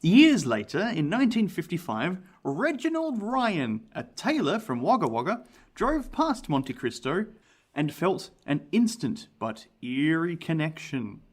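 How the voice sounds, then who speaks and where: Lively jokey man. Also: fairly high pitch, unhurried. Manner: animated, jokey, laughs often. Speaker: podcast co-host reading the book. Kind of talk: casual chat and reading aloud.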